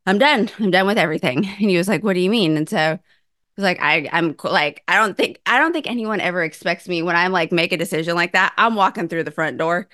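A woman in her thirties tells her story in a casual chat, lively and expressive, often jumping into a high, acted-out voice when she quotes herself or others. She swears freely and talks through close, dry studio sound with no room echo. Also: a little fast. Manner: animated, acts out her own quotes with big pitch jumps, swears freely.

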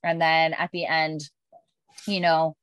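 A woman's voice: sits low, monotone, slow pace, a bit bright, clear, resonant tone, no room sound. Chatty young woman recapping a show. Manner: chatty retelling with many "she's like" asides. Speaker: podcast host. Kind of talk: casual episode recap.

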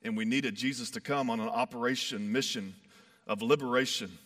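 Bright-voiced man preaching an emphatic sermon. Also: mid-range voice, fairly quick. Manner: emphatic, builds to fired-up peaks then drops soft; conversational, uses "like" and "you know". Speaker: pastor.

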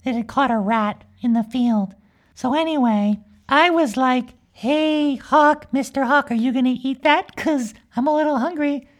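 Woman playing a high, giggly little unicorn girl for a comedy podcast, rambling and mischievous. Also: a little slow. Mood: chatty. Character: cheerful young magical unicorn girl, mischievous. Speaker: podcast character. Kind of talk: improvised comic storytelling.

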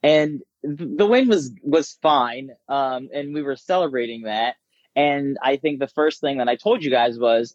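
A man who works as a business coach, talking casually and telling stories with lively impressions of others. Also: mid-range voice, a little slow, no echo, lo-fi sound. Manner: animated storyteller, mimics voices. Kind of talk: casual conversation.

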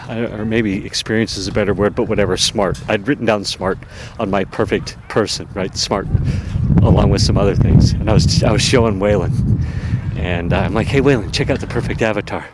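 Heavy noise surrounds a man speaking fairly quickly in a voice on the low side, his intonation fairly even. Hosting a podcast outdoors in a town, he rambles about himself with many fillers and self-deprecating asides.

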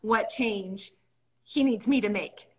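A woman's voice: medium pitch, takes it slowly, darkish tone, husky. A young adult woman co-hosting a casual faith discussion, earnest and storytelling. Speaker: podcast co-host.

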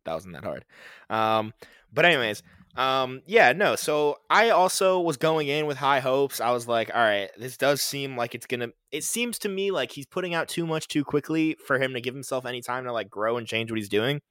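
A man's voice: medium pitch, expressive, moderate pace, a bit bright, no room sound, studio quality. A man co-hosting a podcast, chatting casually about new music, rambling with fillers and laughing as he goes. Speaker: podcast co-host. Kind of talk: casual music review chat.

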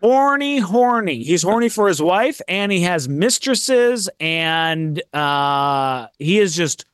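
A man co-hosting a podcast, chatting casually about a film and acting out characters' lines with animated energy. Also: high voice, slow, clean tone, no echo, clean studio sound. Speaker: podcast co-host.

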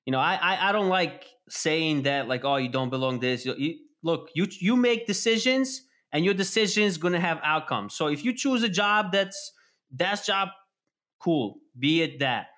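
A man chatting casually on a podcast, animated and swearing constantly as he acts out scenes. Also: fairly high pitch, normal speed. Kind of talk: casual profane chat.

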